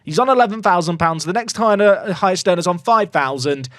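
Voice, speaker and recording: A man commentating his own football management game for viewers, muttering asides and bursting into excited shouts. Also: high voice, fairly quick, dry recording, clean studio sound. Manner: swings between mumbled asides and excited shouts. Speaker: video game streamer.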